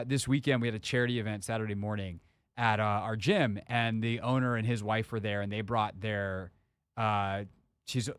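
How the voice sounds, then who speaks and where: A man's voice: fairly low pitch, dry recording. A man hosting a sports radio talk show, chatting casually and joking about impressions. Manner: chatty, lively, jokey, trying out impressions. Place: radio studio. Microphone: studio microphone.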